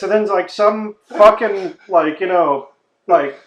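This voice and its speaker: A man from Texas co-hosting a podcast in casual, profane chat, loud and quick to laugh, ranting in put-on voices. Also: sits high, expressive. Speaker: podcast co-host. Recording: roomy echo.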